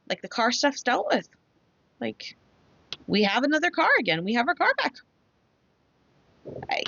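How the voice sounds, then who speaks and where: A woman's voice: mid-range voice, a bit bright, no room sound. Female host, casual chatterbox, muffled and dry-sounding recording. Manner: chatty, rambling storyteller with many fillers. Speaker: craft channel host. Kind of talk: casual chat while crafting.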